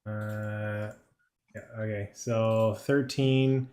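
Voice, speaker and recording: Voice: mid-range voice, fairly even intonation, extremely slow, a little mellow, a little hiss or hum. A player in a tabletop game, hesitantly working out the rules aloud.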